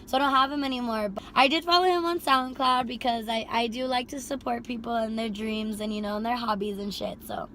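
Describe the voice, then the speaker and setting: A young woman casually telling a storytime about her driving job, animated, swearing freely and filling with "like". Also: on the high side, a little fast, few pauses, slight background noise. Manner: animated, heavy swearing and filler "like". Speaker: rideshare driver and vlogger.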